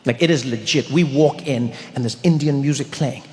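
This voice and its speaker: A man doing stand-up comedy, telling stories with animation and bursting into loud shouts. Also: medium pitch, moderate pace. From South Africa. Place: large theater stage. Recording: reverberant hall, faint noise.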